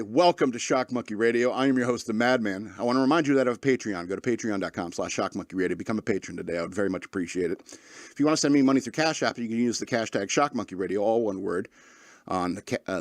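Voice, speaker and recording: A man's voice: lowish voice, no echo, clean studio sound. Rambling man hosting a comedy radio show. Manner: rambling, many fillers and restarts. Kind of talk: comedic monologue.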